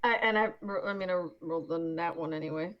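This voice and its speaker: A woman's voice: fairly low pitch, quick pace. Upbeat woman player, dull lo-fi audio. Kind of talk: casual game chat. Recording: dull lo-fi audio with faint noise.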